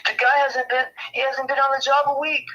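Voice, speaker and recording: A man's voice: very high-pitched, flat delivery, fairly quick, bright, forceful tone, lo-fi sound. A man co-hosting a casual political chat, arguing hard and acting out the exchanges he retells. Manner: argumentative, acts out quoted exchanges.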